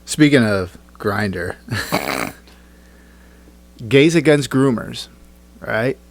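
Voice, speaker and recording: A man's voice: lowish voice, big pitch swings, drawn-out words, creaky. A man co-hosting a podcast in casual chat, swearing freely and teasing his co-host with wisecracks.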